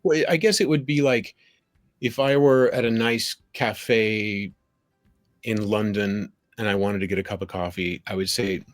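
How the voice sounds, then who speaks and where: Animated man telling stories on a call. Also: on the low side, unhurried, no room sound. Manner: animated, quotes people in little voices. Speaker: guest. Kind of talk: conversational storytelling. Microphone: video call.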